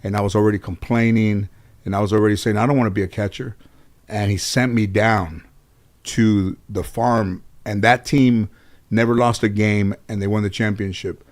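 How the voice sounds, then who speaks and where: A middle-aged man from the Los Angeles area telling stories as a guest in an interview, animated and profane, laughing at his own tales. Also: fairly low pitch, moderate pace. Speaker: guest comedian. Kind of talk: casual storytelling in interview.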